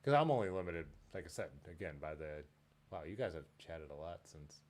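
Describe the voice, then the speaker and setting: Deep-voiced excitable live-stream host. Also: male voice, brisk. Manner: excitable, laughs often, jumps between topics. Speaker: livestream host. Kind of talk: casual live-stream chat.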